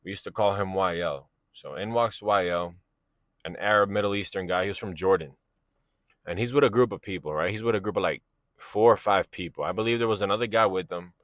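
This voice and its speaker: Casual storyteller, male, low-pitched, rambling slang delivery, dry close sound. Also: brisk, fairly bright tone, no echo. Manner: slangy, rambling, keeps asking "you know what I'm saying". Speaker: vlogger telling a personal story.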